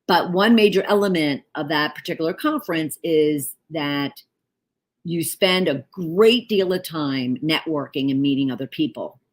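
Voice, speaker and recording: A woman's voice: low-pitched, a little slow. A middle-aged woman, an author and leadership coach, telling a personal story candidly, with many fillers and self-corrections. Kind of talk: casual storytelling monologue.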